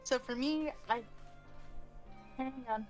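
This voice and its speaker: A woman's voice: sits high, slow pace, faint music behind. A woman co-hosting a game stream, upbeat and dryly sarcastic, keeping the session on track. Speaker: co-host streamer. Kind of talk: casual gameplay chat.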